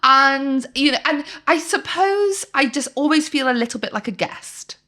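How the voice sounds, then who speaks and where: A woman's voice: high-pitched, animated, normal speed, bright, forceful tone. A woman with a Welsh accent, co-hosting a podcast in casual chat, telling stories and laughing often. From Wales. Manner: chatty storyteller, laughs often. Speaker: podcast co-host.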